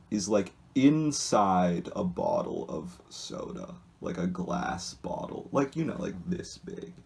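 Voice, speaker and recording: A man with a very low, gravelly voice describes comics in a slow, unhurried ramble. He talks off the cuff, hesitating and restarting his sentences as he goes. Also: darkish tone. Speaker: solo video host reading comics. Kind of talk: casual, unscripted comic descriptions.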